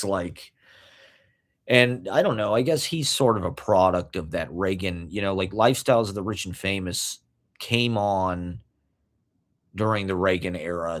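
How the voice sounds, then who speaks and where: Low-voiced guy ranting slowly, lots of likes and you knows, swears a lot. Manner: rambling, heavy fillers, profane. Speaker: podcast host. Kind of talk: casual monologue rant.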